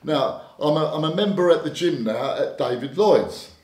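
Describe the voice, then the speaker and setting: A man's voice: on the high side, expressive, normal speed, a little mellow. An older man, a former doorman telling stories as a podcast guest, stumbling over repeated words and acting out quoted dialogue. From Britain. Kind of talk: casual storytelling interview. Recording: echoey room.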